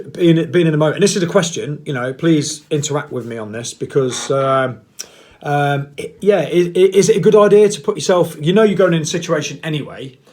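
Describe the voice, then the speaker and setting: A little high and darkish in tone, a middle-aged man vlogs casually to camera in a blunt, rambling style. He mocks himself at times and plays with put-on voices.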